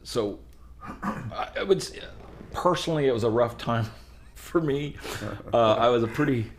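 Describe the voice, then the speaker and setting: A man from the Pittsburgh area, a musician guest on a podcast, telling band stories in an animated, rambling way with frequent restarts. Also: medium pitch, a little slow, slight background noise. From Pittsburgh area, USA. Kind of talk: casual chat.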